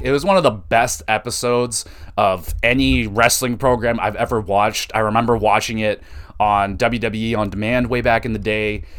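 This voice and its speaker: A man hosting a podcast, recapping wrestling shows in a casual, excitable way and swearing freely. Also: on the low side, clean tone. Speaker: podcast host.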